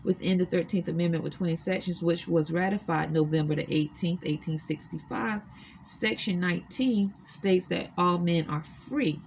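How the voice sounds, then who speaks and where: Earnest woman with a low voice. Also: moderate pace, vocal fry, a little hiss or hum. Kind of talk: recounting personal experiences to camera. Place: extended-stay hotel room.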